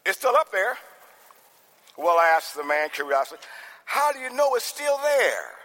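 A man preaching a sermon as pastor, swinging from soft talk to shouting. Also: high-pitched, sing-song, a little slow. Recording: long hall reverb.

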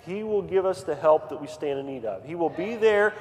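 A man preaching a sermon in a church, moving from quiet storytelling to fervent, near-shouted appeals. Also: on the high side, expressive, a little fast. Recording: long hall reverb, faint ambience.

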